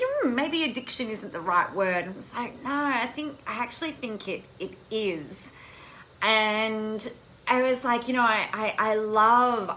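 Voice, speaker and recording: A bright-voiced woman hosts a live stream and chats with her viewers in a lively, animated way, swearing casually as she goes. A faint hiss of noise sits behind her voice. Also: medium pitch, rough recording. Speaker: coaching podcast host.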